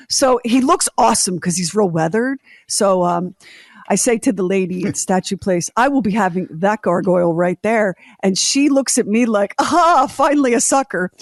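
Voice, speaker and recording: A woman's voice: medium pitch, dry recording, studio quality. A middle-aged woman co-hosting a podcast, telling a long story in casual chat and acting out the voices of the people she quotes. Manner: animated, acts out quoted voices. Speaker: podcast co-host.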